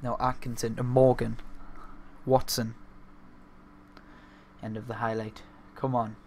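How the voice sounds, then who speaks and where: A young man, from north-east England, hosting a let's-play of a football management game and swinging between muttering and excited outbursts. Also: mid-range voice, slow, slight background noise. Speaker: gaming video host.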